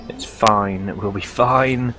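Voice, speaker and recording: A man's voice: on the low side, slow, music in the background. A man in casual game voice chat, sarcastic and teasing, who swears a lot at teammates and enemies. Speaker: game player.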